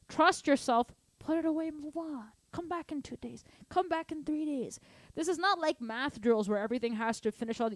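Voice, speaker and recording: A woman drum teacher talks students through accent exercises in a loose, long-winded way, breaking into sung counts and syllables to demonstrate. Her voice sits a little high, and the recording is dry and close. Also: dry recording. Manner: animated, sings rhythms and counts aloud; chatty, long-winded explanations. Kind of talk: casual online drum lesson Q&A.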